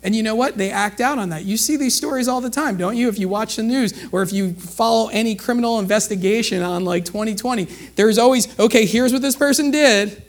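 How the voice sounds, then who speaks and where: High-voiced man preaching conversationally. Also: fast, hardly any pauses. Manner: conversational preaching with rhetorical questions. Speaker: pastor. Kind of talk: sermon.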